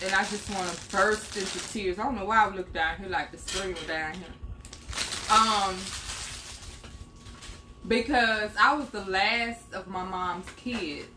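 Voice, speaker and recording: A woman's voice: medium pitch, measured pace, long pauses. A middle-aged woman co-hosting a live home cooking stream, chatting and teasing as she reads out viewer comments. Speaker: co-host of a live cooking show. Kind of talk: casual live-stream chat. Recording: echoey room with background noise.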